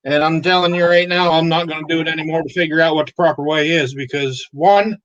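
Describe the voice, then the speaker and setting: A high-voiced man rambles through crude, profane anecdotes, swearing freely and laughing at his own punchlines. The sound is dull and lo-fi, like a home livestream. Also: steady tone, quick pace, a bit bright. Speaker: co-host. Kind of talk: crude comedic storytelling.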